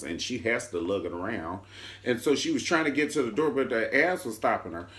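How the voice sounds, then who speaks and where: Male TV recapper, sassy, dramatic pitch swings, chatty vlog delivery. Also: fairly bright tone. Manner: sassy, flamboyant storytelling; leaps between high and low pitch for emphasis. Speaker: TV show reviewer.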